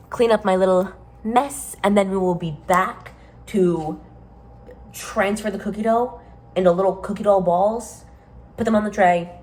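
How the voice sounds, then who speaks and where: A woman filming a casual baking vlog in her home kitchen, excitable and quick to gasp and exclaim. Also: mid-range voice, slight background noise. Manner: excitable, gasps and exclaims often. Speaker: vlogger.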